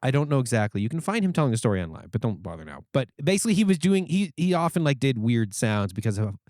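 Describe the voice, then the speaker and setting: A man's voice: medium pitch, very animated, quick pace, a little mellow, no room sound, studio quality. A man from Canada, a podcast guest telling stories in casual chat, often restarting and correcting himself. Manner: rambling storyteller, many self-corrections. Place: podcast studio.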